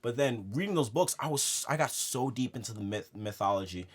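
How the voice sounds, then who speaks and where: A young man co-hosting a casual film podcast, animated and laughing as he makes his points. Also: mid-range voice, fairly quick, husky. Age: young adult. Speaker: podcast co-host.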